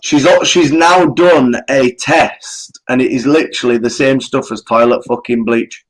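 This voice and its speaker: A man's voice: medium pitch, fairly even intonation, a little slow, rough recording. A man with a northern English accent, chatting and telling stories in casual, sweary banter. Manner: laughing, storytelling banter. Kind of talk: casual chat.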